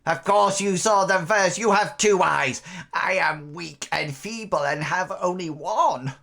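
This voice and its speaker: A man's voice: high-pitched, measured pace, gravelly, bright, forceful tone, voice pushed up, exaggerated voice. A man voicing a filthy, toothless, one-eyed old hag with a crackling old voice in a tabletop game. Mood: mock-wounded.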